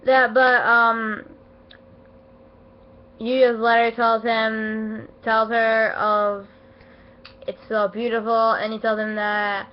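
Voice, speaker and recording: A woman giving a casual, rambling anime episode review, emotional and excitable, full of fillers and restarts, her voice not at its best as she feels unwell. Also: on the high side, slow, long pauses. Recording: dull lo-fi home recording.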